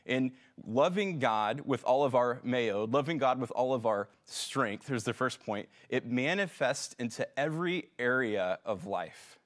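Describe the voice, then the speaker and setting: A man's voice: medium pitch, unhurried, few pauses. Conversational man preaching a sermon. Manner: conversational, relaxed preaching with fillers and self-corrections. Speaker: pastor.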